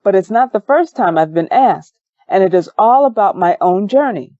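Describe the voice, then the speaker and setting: A woman reads a first-person audiobook in a measured, calm way. Her voice is warm and mellow, set close to the mic in a dry space. The recording sounds slightly dull and muffled. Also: mid-range voice, no echo. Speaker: audiobook narrator.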